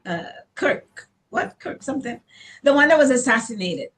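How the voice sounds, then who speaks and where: A woman's voice: a little high, lively intonation, moderate pace, fairly bright tone, rough recording. A woman from the Caribbean, a salon owner, telling personal stories bluntly and emphatically as an interview guest, often repeating words as she builds a point. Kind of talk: candid personal storytelling.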